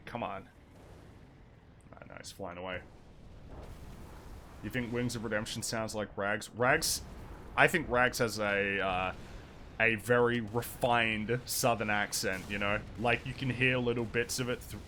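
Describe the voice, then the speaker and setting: An Australian man with a lowish voice chats casually while he games on stream. He rambles, hesitates and restarts his sentences, with a wry edge. A faint hum of noise sits behind him. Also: pushed and bright. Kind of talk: casual chat while gaming.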